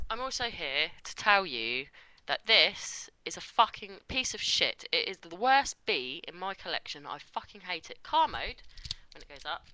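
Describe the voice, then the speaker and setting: A woman's voice: on the low side, pushed and bright, slight background noise. A woman giving a casual, blunt toy review on a poor built-in microphone, swearing constantly and muttering as she handles the toy.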